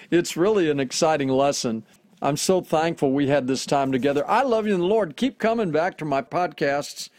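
A man's voice: on the high side, a little mellow, no echo, clean studio sound. A man preaching a podcast sermon in an earnest, encouraging way, building to fervent emphasis.

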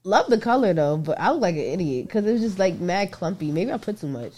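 A woman's voice: lowish voice, lively intonation, quick pace, a little mellow. A woman co-hosting a casual chat, blunt and profane, laughing often. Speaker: co-host.

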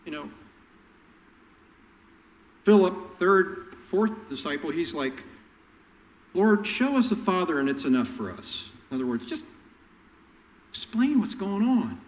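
A man preaching a sermon, telling Bible stories and acting out the characters' lines with animated voices. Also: high-pitched, unhurried, big-room sound, low-quality recording. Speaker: pastor.

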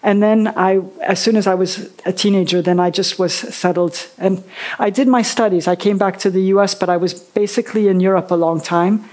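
A woman in her fifties talks at a medium pitch in a chatty, rambling way. She is an author and a guest in a casual interview on a book festival stage. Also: steady tone, a little fast, darkish tone.

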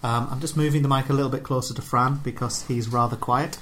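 A man's voice: medium pitch, fairly even intonation, fast talker, a bit bright, slight background noise. Playful, jokey male podcast host. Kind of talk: casual chat. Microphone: podcast microphone.

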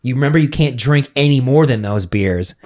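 Male podcast host, casual and profane, tells stories with animated energy. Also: medium pitch, a little fast. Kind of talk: casual chat.

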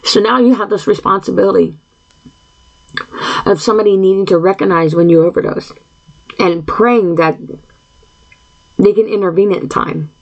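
A woman's voice: medium pitch, vocal fry, a little mellow, highs cut off. A woman hosting a solo podcast monologue, speaking in an earnest, emotional way with frequent sighs and restless repeated questions. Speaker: podcast host.

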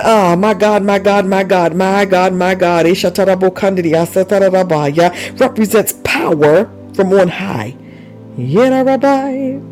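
A man whose voice sits high but has a darkish tone preaches a charismatic sermon, and the audio is poor. He's fervent and repetitive, with frequent exclamations of praise and passages of speaking in tongues.

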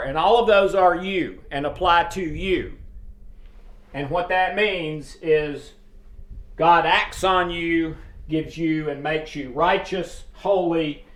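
A man giving an informal sermon, earnest and emphatic, with frequent pauses and fillers. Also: on the high side, a bit bright. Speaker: preacher. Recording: roomy echo.

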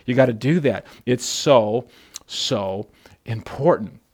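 A man preaching a sermon as pastor, speaking straight to the listener, often repeating words and building to loud, passionate appeals. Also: medium pitch, slow pace, husky. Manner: speaks directly to the listener as brother.

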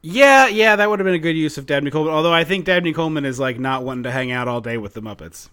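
A man with a bright, fairly high voice co-hosting a casual podcast. He chats loosely, laughs often and retells scenes with a crisp, forward tone. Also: expressive, racing. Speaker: podcast co-host. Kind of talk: casual chat.

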